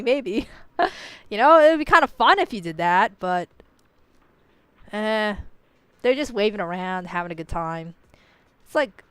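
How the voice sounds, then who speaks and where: Young woman streamer, loose playful ramble, laughs a lot, light profanity, smooth tone, dry close mic. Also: mid-range voice, dry recording. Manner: rambling, laughs often, heavy "like" and "you know" fillers. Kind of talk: casual rambling commentary.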